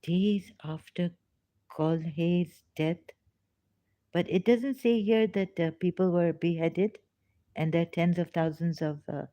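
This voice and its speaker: A woman hosting a casual livestream, reading news aloud in a halting way with many fillers and restarts. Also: fairly low pitch, mellow, dry recording. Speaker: livestream host. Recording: dry, slightly dull lo-fi recording.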